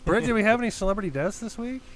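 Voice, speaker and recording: A man's voice: sits high, rapid-fire. A man co-hosting a casual podcast, cracking jokes. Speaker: podcast co-host. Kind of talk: casual chat.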